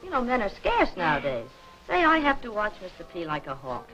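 A woman's voice: mid-range voice, huge pitch swings, fairly quick, a bit bright, soft background music. An actress playing a chatty, wisecracking young woman neighbor in a 1940s film, full of slang. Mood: breezy. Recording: dull old film soundtrack.

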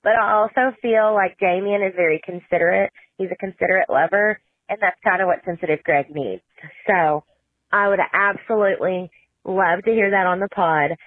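A woman's voice: mid-range voice, moderate pace, no echo. A woman leaving a gushing, giggly voicemail. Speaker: caller. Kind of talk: voicemail message. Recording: tinny phone line.

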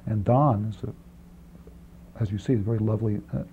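Man, interview guest, rapid rambling answers, deep mellow voice, muffled archival tape. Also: steady tone. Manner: rapid, rambling, many restarts and asides. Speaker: film writer and director, interview guest. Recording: dull archival 1980s interview tape, faint hiss.

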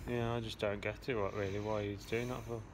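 A man's voice: fairly low pitch, flat delivery, brisk. A man with an English accent venting casually to camera at a railway station, aggrieved and repetitive as he tells a story. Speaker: vlogger. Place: outdoor railway station platform. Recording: noisy station ambience.

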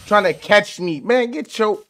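A man commentating live gameplay on his channel, full of slangy trash talk, swinging from low mutters to excited yelling. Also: measured pace. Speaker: gaming channel host.

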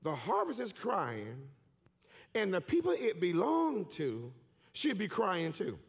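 High-voiced fervent male preacher. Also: wildly swooping pitch, slow, creaky. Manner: fervent, shouting with emphatic repetition. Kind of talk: sermon. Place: church sanctuary.

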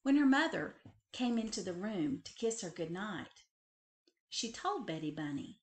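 Animated woman reading a picture book. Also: mid-range voice, a little slow. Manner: expressive, animated storytelling. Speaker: librarian.

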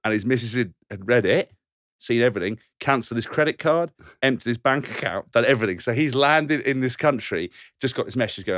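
A man's voice: mid-range voice, animated, a little fast, a bit bright, dry recording, studio quality. A man in his thirties, a podcast co-host and former rugby player, rambling through tour stories and acting out the voices in them. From England. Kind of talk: casual anecdote telling.

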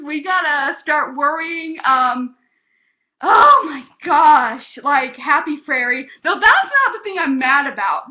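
A young woman vlogging a heated, exasperated TV episode review, cursing when she gets passionate. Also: sits high. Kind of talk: casual ranting review. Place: home, on a couch. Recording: dull lo-fi home recording.

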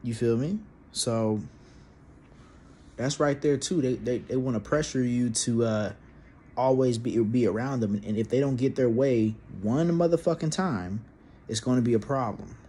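A man's voice: mid-range voice, moderate pace, dark tone. A young man with a mid-range voice talks through a personal story in a loose, rambling way, swearing often and restarting his sentences. A faint hiss of noise sits behind him. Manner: profane, rambling, with frequent restarts and fillers. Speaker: vlogger telling a personal story. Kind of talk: casual storytelling monologue.

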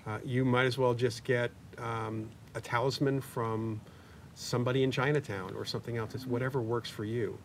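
A man's voice: steady tone, normal speed. A man in his sixties, a paranormal investigator guest in an interview, talking in a chatty, anecdotal way with joking asides. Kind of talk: interview conversation. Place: community media studio. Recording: distant mic with faint rumble.

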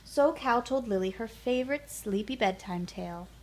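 A woman reading a children's picture book aloud in a gentle, calm bedtime manner. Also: fairly high pitch, normal speed, slight background noise. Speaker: storyteller.

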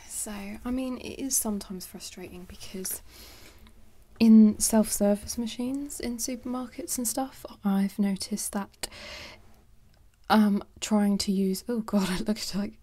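Woman, ASMR creator: slow, mellow, soft-spoken chat that drops into whispers, rambling and wry. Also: medium pitch, husky. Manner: rambling, joking, mixes soft speech with whispers.

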